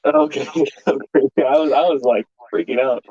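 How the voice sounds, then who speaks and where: A man's voice: mid-range voice, moderate pace, warm tone, dry recording. A man chatting over voice chat during a live reaction stream, easygoing, laughing often and stumbling over repeated words. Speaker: guest on voice chat. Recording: dull lo-fi voice chat audio.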